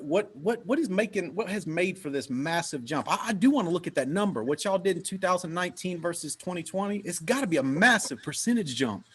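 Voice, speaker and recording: A man hosts a company team call over video, his voice sitting a bit on the higher side. He talks with steady energy, cheering people on and calling out their names. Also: husky. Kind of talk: upbeat motivational team call.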